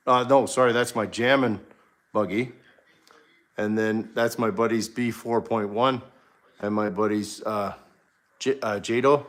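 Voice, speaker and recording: Halting man giving a garage tour. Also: fairly low pitch. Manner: halting, many fillers and self-corrections while listing items. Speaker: livestream host. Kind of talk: casual livestream garage tour. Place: home garage.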